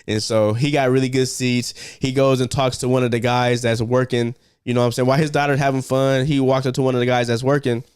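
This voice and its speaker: A man co-hosting a casual podcast, retelling a movie plot in lively detail and acting out the characters' lines as he goes. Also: mid-range voice, smooth, no room sound, studio quality. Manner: animated storyteller, acts out characters in quick shifts of voice. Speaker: podcast co-host. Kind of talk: casual movie review chat.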